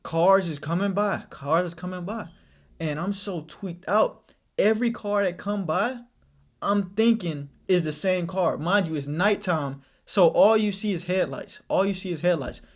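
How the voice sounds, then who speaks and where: A young man vlogger telling a casual story, animated and slang-heavy, often repeating his phrases. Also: sits high, measured pace.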